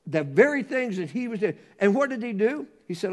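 A man preaching a sermon, reading scripture slowly and swinging from hushed tones to loud emphasis. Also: high voice, big pitch swings. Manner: reads scripture in a slow, measured cadence.

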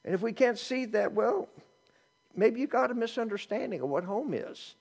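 A middle-aged male pastor preaching a sermon, animated, with joking asides and swings between loud and hushed delivery. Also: very high voice, normal speed, creaky.

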